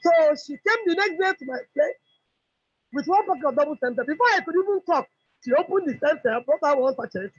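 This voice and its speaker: A woman's voice: sits high, fairly quick, no room sound. A middle-aged woman with a Nigerian English accent, telling an emotional personal testimony and acting out what others said. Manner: animated storyteller who acts out dialogue. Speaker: customer giving a product testimony. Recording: dull lo-fi recording.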